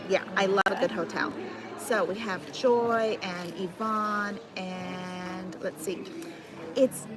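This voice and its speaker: A woman hosting a casual paper-crafting livestream, chatty and affectionate, greeting viewers by name. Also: medium pitch. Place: busy crafting retreat hall with crowd. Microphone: phone camera. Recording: crowded noisy venue. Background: crowd chatter.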